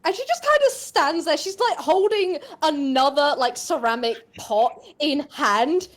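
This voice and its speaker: A woman runs a tabletop game as its game master. She talks in a chatty way with lots of fillers. Her voice is very high and lively. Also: a little slow.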